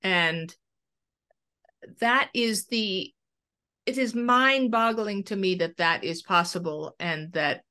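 A middle-aged woman guest recounting a personal story with real animation, slipping into the voices of the people in it. Her pitch sits in an ordinary middle range, and her telling moves along with conversational momentum. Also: takes it slowly, long pauses, clear, resonant tone. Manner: lively storyteller acting out dialogue. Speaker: medium and cancer researcher, interview guest.

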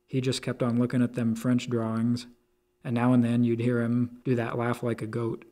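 A man narrating a story aloud in crude street slang with a deadpan delivery. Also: mid-range voice, normal speed.

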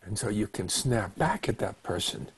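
An older doctor gives a calm webinar talk on relationships as a meditation session, his voice husky and fairly low yet lively in intonation. He speaks slowly and reflectively, acting out brief quoted exchanges, heard through a webinar microphone.

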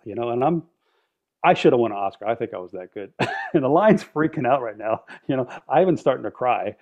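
A man tells stories as a podcast guest in a relaxed, animated way. He acts out what people said and laughs often. His voice sits at an ordinary middle pitch, and the recording sounds a little dull and lo-fi. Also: a little fast. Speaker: podcast guest, drum line instructor. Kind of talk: casual storytelling.

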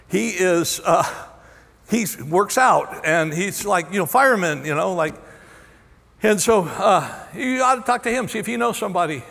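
A man in his sixties preaching a sermon, telling a story in a candid, self-deprecating way full of halting restarts. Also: sits high, animated, vocal fry, fairly bright tone. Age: 60s. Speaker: pastor. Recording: long church hall reverb.

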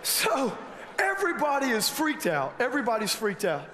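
A man's voice: extremely high pitch, moderate pace. A man preaching a sermon, telling a story with lots of restarts and rising energy. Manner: animated storytelling with frequent restarts. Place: large church hall. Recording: long hall reverb, faint noise.

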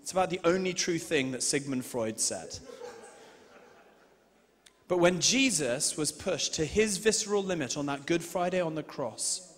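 A man preaching a sermon and reading scripture, moving between loud emphasis and hushed, slow passages. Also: a little high, lively intonation. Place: large church hall. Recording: reverberant hall sound.

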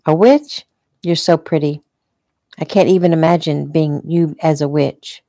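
A woman reading the lines of a gentle, injured man who talks softly to little girls. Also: low voice, steady tone, unhurried, dry recording, studio quality. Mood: tender. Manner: soft, tender speech.

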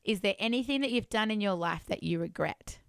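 A woman's voice: medium pitch, animated, fairly quick, vocal fry, smooth, no room sound, studio quality. Upbeat woman radio host. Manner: upbeat, teasing, reads listener questions. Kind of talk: radio interview.

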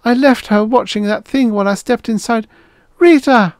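A man's voice: very high voice, moderate pace, clean tone, no echo, clean studio sound, pitched above the performer's own voice. A man voicing a frantic mother anxiously searching for her daughter. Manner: anxious, calling out.

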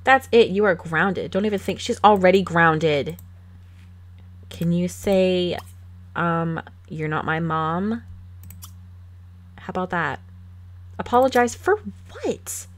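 A gaming channel host with a lowish voice takes her time, leaving long pauses. Through a desk mic she casually and playfully remarks on her life-simulation game, laughing frequently as she tells her characters what to do.

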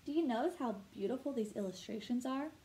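A woman teacher reads a picture book aloud for children, shaping each line with storyteller expression. Her voice sits a little high, and she stops now and then to ask her listeners questions. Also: expressive, a little fast, dark tone, slight background noise, rough recording.

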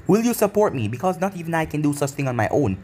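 Brief: man reading a fierce, grieving young emperor, fairly high voice, faint music under it. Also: very animated, quick pace, a little mellow. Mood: intense.

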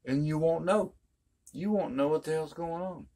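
A man's voice: a little high, normal speed, dark tone. An older man giving a casual guitar lesson in a folksy, emphatic way, repeating his points. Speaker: guitar teacher.

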